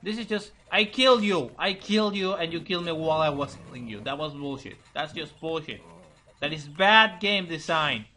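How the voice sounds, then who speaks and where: A man's voice: on the high side, lively intonation, normal speed, sharp tone. A young man commentating a let's play, frustrated, swearing, muttering and repeating himself at a hard boss. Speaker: gaming channel host.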